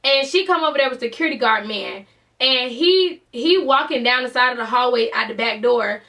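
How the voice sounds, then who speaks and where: Bright high-voiced woman telling a story. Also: normal speed, creaky, distant mic. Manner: animated, exasperated storytelling with lots of fillers. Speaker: vlogger. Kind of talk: casual storytime.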